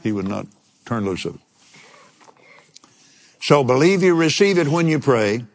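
Slow, lively older male preacher. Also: mid-range voice. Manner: animated storytelling with chuckles. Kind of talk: sermon with personal storytelling.

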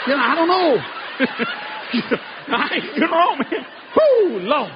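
High-voiced man telling church stories. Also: unhurried. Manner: laughing through his words, Southern dialect, animated. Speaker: preacher telling a story. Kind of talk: comic church storytelling. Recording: live, dull sound, loud crowd and noise.

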